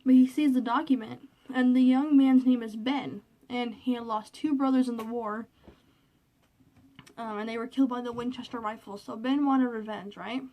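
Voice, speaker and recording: A woman with a slightly high voice talks casually into her cell phone from her bedroom. She rambles in a chatty way, full of fillers, and sounds a little nervous. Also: steady tone, normal speed, muffled recording. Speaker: vlogger reviewing a movie. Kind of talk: casual chat.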